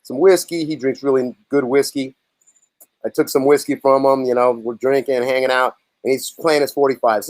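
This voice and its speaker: Animated storytelling man, dry close sound. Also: medium pitch, moderate pace, no echo. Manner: animated storyteller, acts out others' lines. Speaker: lead singer and songwriter, guest. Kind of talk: casual storytelling interview.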